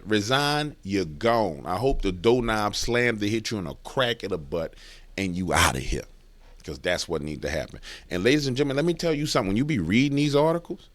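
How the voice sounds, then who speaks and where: A man's voice: on the low side, no room sound. A man delivering a heated commentary rant, emphatic and repetitive, working himself up as he goes. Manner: emphatic, repetitive, gets worked up. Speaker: political commentator.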